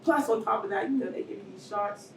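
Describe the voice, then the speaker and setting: A woman's voice: mid-range voice, fast. A middle-aged woman giving an emotional personal testimony as a cancer survivor at a public talk. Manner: emotional, rising to near shouts and tearful moments. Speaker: cancer survivor speaking at a panel. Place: event hall with audience. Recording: roomy hall, distant mic, faint noise.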